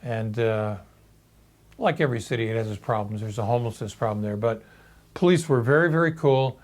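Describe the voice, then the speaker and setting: A man in his sixties telling a personal story in a halting, reflective video monologue. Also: mid-range voice. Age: 60s. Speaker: video blogger.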